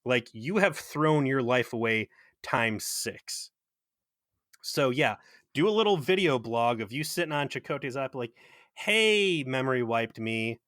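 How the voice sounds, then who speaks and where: A man co-hosting a podcast, recapping an episode in sarcastic, profane, animated chat. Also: medium pitch, a little slow, dry recording, studio quality. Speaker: podcast co-host.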